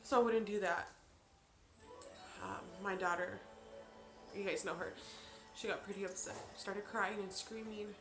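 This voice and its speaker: A woman's voice: mid-range voice, steady tone, music in the background. Emotional woman in an echoey room. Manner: emotional, halting, with many restarts. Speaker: vlogger. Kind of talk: personal confessional vlog.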